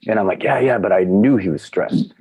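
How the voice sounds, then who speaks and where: A middle-aged man with a low, warm voice tells a story to podcast hosts. He acts out the quotes with sudden jumps up in pitch, then drops back into an easy conversational tone. The sound is dry and close to the mic. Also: brisk, slightly rough, dry recording. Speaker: podcast guest. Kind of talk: casual anecdote telling.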